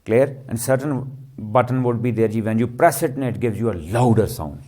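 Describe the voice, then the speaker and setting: A man teaches a class. He answers his own questions as he goes. His voice is warm and mellow, and he keeps checking whether the students are following. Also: mid-range voice, normal speed. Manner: checks understanding with frequent "clear?" and "ji". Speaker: lecturer. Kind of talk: classroom lecture.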